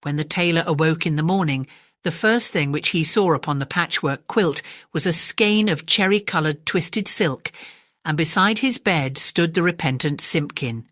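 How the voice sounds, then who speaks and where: A woman narrating a classic storybook in a gentle, measured bedtime reading. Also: deep voice, no echo, studio quality.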